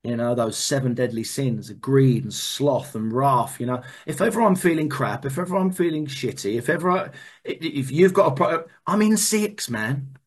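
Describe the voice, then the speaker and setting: A man telling a personal recovery story in a candid, animated way, repeating words and swearing now and then. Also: mid-range voice, normal speed, husky. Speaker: speaker sharing a recovery story.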